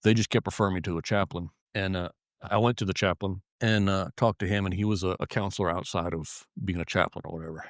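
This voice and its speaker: Male officer, interview guest: low voice, dry and close, profane, halting restarts. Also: fairly even intonation, no room sound. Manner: heavy swearing, frequent restarts and repeated words. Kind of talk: casual interview storytelling.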